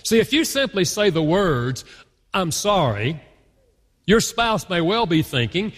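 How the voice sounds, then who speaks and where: A man's voice: high voice, very animated, a little slow, a bit bright. A man giving an earnest teaching talk to a conference audience. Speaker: guest speaker. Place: large conference hall. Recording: long hall reverb from a live conference.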